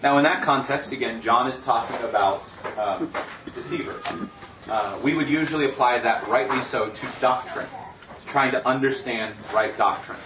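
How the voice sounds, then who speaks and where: A man's voice: medium pitch, normal speed. A man preaching a sermon with earnest emphasis, reading scripture aloud. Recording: far-off, echoey, dull, noisy room recording.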